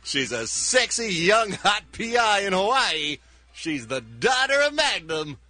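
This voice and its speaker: Sarcastic, high-voiced entertainment reporter man. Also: very animated, measured pace, sharp tone, soft background music. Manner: sarcastic and mocking. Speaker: entertainment news reporter on a radio show. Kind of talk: comedic showbiz report.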